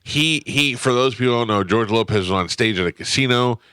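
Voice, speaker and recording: A man hosting a morning radio show, telling stories in relaxed, casual banter with frequent filler words. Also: mid-range voice, a little fast, smooth, dry recording, studio quality. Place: radio studio.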